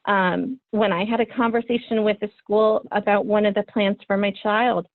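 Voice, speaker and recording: Earnest and encouraging, a trainer in her thirties presents to parents in a webinar, using frequent ums. Her mid-range voice keeps a level tone at normal speed. The video-call recording is dry and phone-like, with no room sound.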